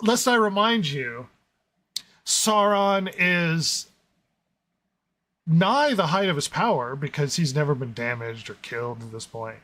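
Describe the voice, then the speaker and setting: A man co-hosting a casual show review, his voice sitting a little high for a man. He talks in an animated way, laughs often and drops low to hammer home a point. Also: measured pace, long pauses. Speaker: podcast co-host.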